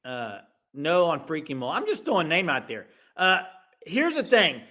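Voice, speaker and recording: Male sports-talk host, bright and lively, opinionated, fast restarts. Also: a little high. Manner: animated, quick restarts, throws out opinions. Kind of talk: casual sports talk with live call-ins.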